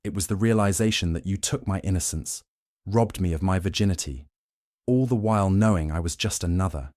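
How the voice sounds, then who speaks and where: A man's voice: low-pitched, fairly quick, a little mellow, no echo, clean studio sound, lightly acted. A man voicing a fierce young werewolf leader's mate, a woman with a cold, cutting and scornful way of speaking. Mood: bitter.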